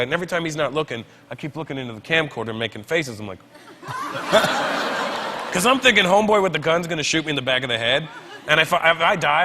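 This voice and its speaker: A man's voice: on the high side, noisy background. A male comedian telling a funny story as a guest on a talk show, acting out the people in it. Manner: animated storytelling, voices the people he quotes. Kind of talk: comic anecdote on a talk show.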